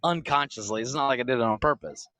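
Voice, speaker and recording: Laughing, swearing podcast co-host, dry close mic. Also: male voice, mid-range voice, fast, pushed and bright, no room sound. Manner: storytelling with frequent laughter, swearing. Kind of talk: casual comedy podcast chat.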